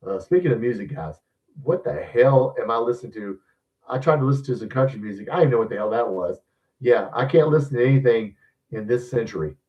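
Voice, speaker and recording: A man's voice: medium pitch, expressive, a little fast. A man, hosting a sports live stream in blunt, grumbling casual chat. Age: 60s. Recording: dull distant mic sound.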